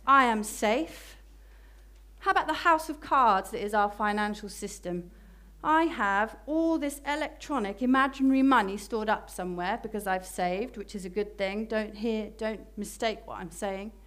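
Emphatic woman preaching a sermon. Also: a little high. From Britain. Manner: emphatic, slowing for key phrases.

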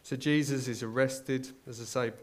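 An English man preaches in a plain, conversational way, his voice sitting at an ordinary middle pitch for a man. He retells the story as he goes, restarting phrases often and pressing the listeners with rhetorical questions. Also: steady tone, normal speed. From England. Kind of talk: sermon.

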